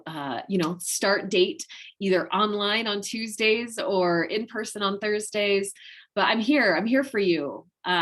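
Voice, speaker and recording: A woman's voice: mid-range voice, a bit bright. A woman coach speaks from the heart straight to her viewers. Her voice sits in a middle register, and she talks with open emotion and easy affection. She gushes with enthusiasm as she goes. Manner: gushing, enthusiastic. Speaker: wellness coach leading a master class. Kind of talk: heartfelt direct-to-viewer talk.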